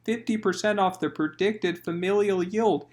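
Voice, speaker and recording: Man reading as a long-winded fretful village priest, fairly high voice. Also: moderate pace, darkish tone, close to an everyday voice. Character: fussy worried male country priest.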